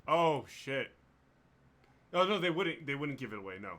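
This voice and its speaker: A man runs a tabletop game in a bright, lively tone. His delivery is loose and chatty, full of little restarts and easy laughter. His pitch sits in the middle range. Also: moderate pace. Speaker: game master.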